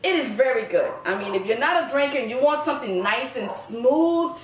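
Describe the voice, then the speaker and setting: A woman's voice: high-pitched, expressive, fairly quick, distant mic, slight background noise. A middle-aged Southern woman hosting a casual cooking video in her home kitchen, chatty and homey, full of sayings. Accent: Southern American. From Southern United States. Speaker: cooking channel host. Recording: roomy kitchen sound from the camera, a little off-mic.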